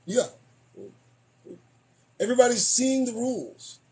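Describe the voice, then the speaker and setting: A man hosting a podcast, losing his voice, delivering an emphatic, preachy commentary monologue that swings between loud declarations and muttered asides. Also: extremely high pitch, measured pace. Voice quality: husky. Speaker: podcast host.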